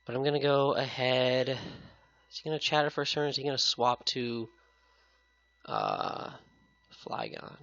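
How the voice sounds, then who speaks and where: Bright-voiced man, sick, on a headset. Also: medium pitch, steady tone, a little slow, creaky, long pauses, lo-fi sound. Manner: casual, upbeat, chatty with viewers. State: sick-sounding voice. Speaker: competitive game YouTuber. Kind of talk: casual gameplay commentary.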